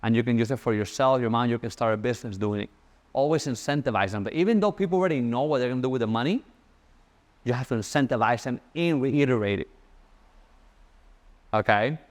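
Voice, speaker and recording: A young man giving a casual sales-coaching talk, fast and animated, repeating his key points. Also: medium pitch.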